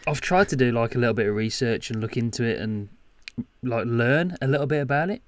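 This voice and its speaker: A man co-hosting a podcast in casual chat, easygoing, his sentences often trailing off softly. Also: medium pitch, brisk, no room sound. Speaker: podcast co-host.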